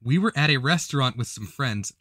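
A man co-hosting a comedy podcast, reading an online post aloud in an animated way and breaking into laughs. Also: medium pitch, brisk, dry recording.

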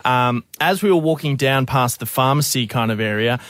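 A young Australian man co-hosts breakfast radio, bantering casually and telling rambling stories while laughing often. His mid-range voice has a moderate pace and fairly bright tone, recorded with studio quality and no echo.

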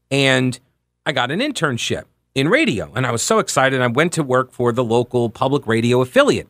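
A man in his forties hosts a talk radio show, speaking into a close studio microphone in a dry booth. He chats candidly through personal stories, with animated little asides at a mid-range pitch. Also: no room sound. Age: 40s. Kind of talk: conversational talk radio monologue.

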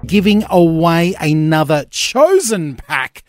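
Upbeat high-voiced radio host. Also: male voice, sing-song, slow pace, no room sound, studio quality. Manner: upbeat, playful, lots of fillers. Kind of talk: breakfast radio chat.

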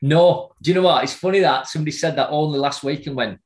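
A middle-aged man telling a personal story in casual conversation, halting and repeating words as he remembers. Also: on the high side, echoey room. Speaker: guest.

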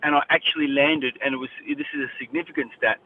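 A man's voice: medium pitch, fairly even intonation, fast, slight background noise. Blunt, fired-up Australian man, a boxer guest on a tinny phone line. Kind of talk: radio phone interview.

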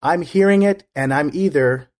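A man's voice: fairly high pitch, normal speed. A man as an interview guest, talking in an earnest, reflective way with frequent restarts. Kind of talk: casual conversation.

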